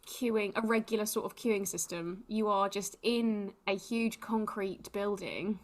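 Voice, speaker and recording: An English woman co-hosting a podcast, telling a story in casual chat with animated delivery and frequent laughter. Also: mid-range voice, a little slow. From England. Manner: animated, laughs often, acts out quotes. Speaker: podcast co-host.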